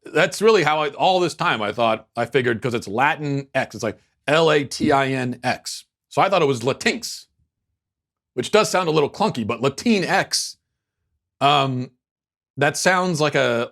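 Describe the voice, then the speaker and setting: A man's voice: mid-range voice, a bit bright. A man hosting a political commentary show, talking casually in a sarcastic, mocking way with frequent restarts.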